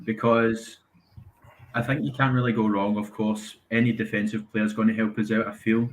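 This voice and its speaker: A man from Scotland with a Scottish accent, calling in to a live stream and talking haltingly with lots of pauses and restarts. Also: on the low side, flat delivery, rough recording. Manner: hesitant, many ums and restarts. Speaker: caller. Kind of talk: casual call-in chat.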